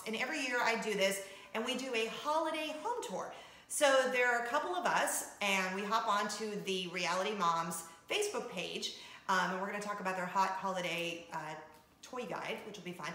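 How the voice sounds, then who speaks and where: A woman's voice: a little high, pushed and bright. A woman hosting her own video show in a casual, upbeat chat to camera, laughing often, recorded in her home kitchen. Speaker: vlog host, former radio host. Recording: roomy echo.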